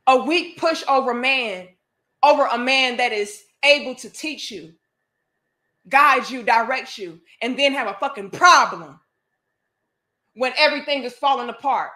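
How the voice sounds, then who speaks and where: A woman delivers a preachy, emphatic opinion monologue, heavy with profanity and rhetorical questions. Her voice sits high and she takes her time, letting each point land, while the room adds a clear echo. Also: a little slow, sharp tone. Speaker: vlogger. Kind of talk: opinion monologue to a live audience.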